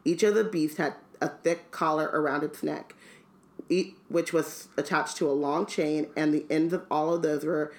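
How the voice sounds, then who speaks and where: Low-voiced woman cohost, reads a chapter then chats, laughs a lot. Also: fairly even intonation, normal speed, a little mellow. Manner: chatty, laughs often, fillers. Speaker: podcast co-host. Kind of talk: casual chat and reading aloud.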